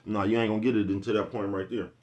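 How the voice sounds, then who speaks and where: A man's voice: lowish voice, flat delivery, racing, darkish tone. A man in a casual, rambling vlog monologue, cursing freely and asking "you know what I'm talking about" again and again. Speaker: vlogger.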